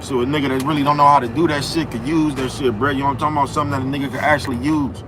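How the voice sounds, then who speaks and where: A man's voice: medium pitch, fairly even intonation, racing, noisy background. A young man hosting a livestream from outdoors, ranting in a profane, repetitive way and constantly checking that listeners follow him. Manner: profane, repetitive, keeps asking "you know what I'm talking about". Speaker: livestream host. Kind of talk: ranting live-stream monologue. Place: outdoors in the cold, near traffic.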